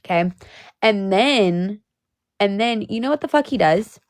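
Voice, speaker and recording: A woman's voice: medium pitch, expressive, measured pace, no echo, studio quality. A young woman telling a storytime on her vlog, blunt and profane, talking in a heated rant. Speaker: vlogger.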